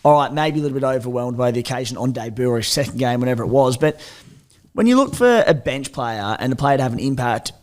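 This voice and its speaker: A man's voice: medium pitch, expressive, quick pace, a little mellow. A man with an Australian accent co-hosting a sports podcast, reasoning through his points in casual chat. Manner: analytical, reasoned. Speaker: podcast co-host.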